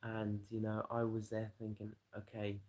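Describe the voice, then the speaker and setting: A man's voice: on the low side, monotone, moderate pace, darkish tone. A man, livestreaming and telling a rambling, profane story to his chat in a casual way.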